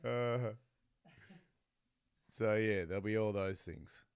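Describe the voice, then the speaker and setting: A man's voice: lowish voice, takes it slowly, clear, resonant tone, dry recording, clean studio sound. A man with an Australian accent hosting a casual show, laughing often and swearing freely. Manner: laughing, crude, swearing a lot. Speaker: host. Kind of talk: casual live show chat.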